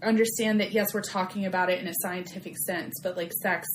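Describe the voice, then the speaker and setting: A woman's voice: on the low side, fairly even intonation, brisk, reverberant, a little hiss or hum. A young woman, co-hosting a podcast and telling stories in casual chat, acting out quotes as she goes. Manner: chatty storyteller, acts out quotes. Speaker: podcast co-host.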